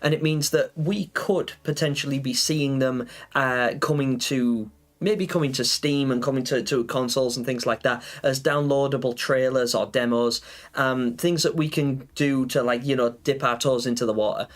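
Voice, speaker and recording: A man's voice: mid-range voice, fairly even intonation, moderate pace. A man chatting casually on a gaming livestream, rambling with lots of fillers and answering viewers. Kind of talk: casual live-stream chat.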